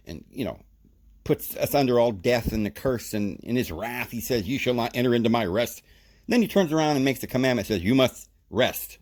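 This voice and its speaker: On a podcast, a man explains Bible passages with lots of energy and emphasis. He talks in brief bursts, his pitch leaping up abruptly.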